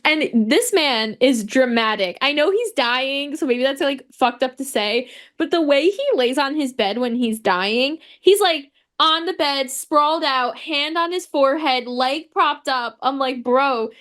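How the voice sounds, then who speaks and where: A woman's voice: sits high, animated, a little slow, few pauses, a bit bright. A woman co-hosting a podcast, playful and joking, swearing freely in casual banter. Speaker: podcast co-host. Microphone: podcast microphone.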